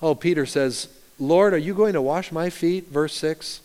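Pastor, male, sermon delivery, smooth resonant voice, fairly high, swings loud to soft, reverberant church hall. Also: measured pace. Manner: animated storytelling, rising loud and dropping soft. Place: church sanctuary.

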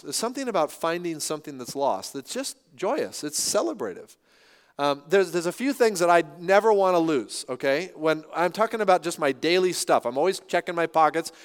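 Middle-aged guy pastor preaching, chatty and jokey about himself, clear smooth voice, big echoey church hall. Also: on the high side. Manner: animated, conversational, self-deprecating humor. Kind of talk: sermon. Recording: reverberant hall.

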